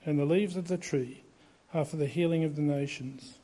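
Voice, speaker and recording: A man reads scripture to his congregation in a church, his voice fairly high for a man yet mellow and warm. He keeps a measured, steady pace, giving each phrase its weight. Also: breathy edge. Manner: measured, steady reading aloud. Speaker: pastor. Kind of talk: scripture reading in a church service.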